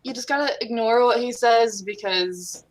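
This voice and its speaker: A woman talking casually and teasing a friend in a friendly way. Her voice sits a bit higher than usual. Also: moderate pace, low-quality recording. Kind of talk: casual chat.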